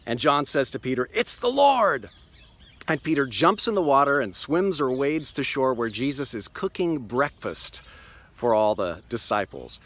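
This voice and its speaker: Earnest pastor telling a story. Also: male voice, mid-range voice, fairly bright tone. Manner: earnest, storytelling, slows for emphasis. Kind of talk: daily video devotional. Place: outdoors on a lakeshore beach.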